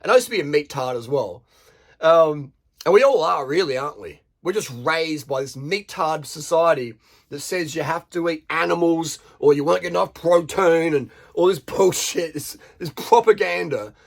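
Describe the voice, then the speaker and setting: Here the Australian vlogger speaks at a moderate pace in a slightly high voice with vocal fry. His unscripted rant to camera is blunt, full of swearing and rhetorical questions aimed at his audience.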